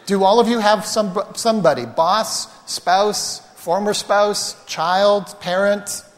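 A man's voice: sits high, slow. A man preaching a sermon as pastor, telling personal stories in a conversational, self-deprecating way and speaking straight to the congregation. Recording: reverberant hall sound.

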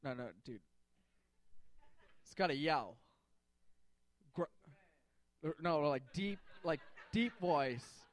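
A man's voice: a little high, lively intonation, extremely slow, long pauses. A man in a casual, jokey storytelling sermon, talking to a group with slang and fillers.

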